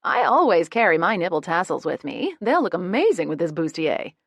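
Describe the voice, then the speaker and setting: A woman voicing a bold, playful grandmother who overshares loudly and proudly in an audiobook. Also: on the low side, big pitch swings, normal speed, vocal fry, dry recording, full character voice. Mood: matter-of-fact. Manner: brash, loud and proud.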